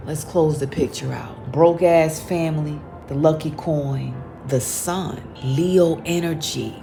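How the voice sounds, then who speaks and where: A woman giving a spiritual card reading to viewers, dramatic, with loud exclamations and emphatic repetition. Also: deep voice, expressive, slow pace, creaky, hardly any pauses. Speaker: psychic card reader. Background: faint background music.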